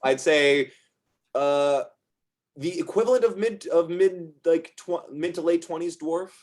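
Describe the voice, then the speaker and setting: A man's voice: fairly high pitch, measured pace, darkish tone. A man narrating as game master, rambling and reaching for words with lots of fillers.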